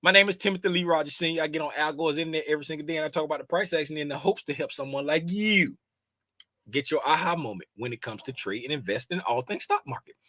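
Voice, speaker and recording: A man's voice: on the high side, fast talker, pushed and bright, no echo. A man in his fifties hosting a casual trading livestream, joking and slangy and laughing often. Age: 50s.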